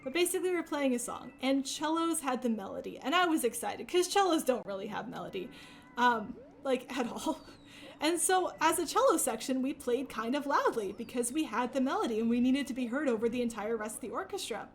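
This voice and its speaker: A high-voiced young woman speedrunner chats casually while streaming a game. She's animated and a little fast, rambling, laughing often and using many fillers.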